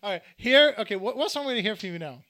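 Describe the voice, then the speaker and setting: High, animated talk show host. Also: male voice, rapid-fire. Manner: joking, laughs often, repeats "okay". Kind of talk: casual comedic interview.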